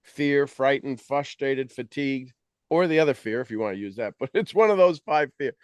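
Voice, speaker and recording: A man talking as a mentor, coaching his audience in an animated, teasing way and acting out their complaints in quoted voices. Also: medium pitch, normal speed, clear, resonant tone, dry recording. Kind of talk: motivational coaching talk.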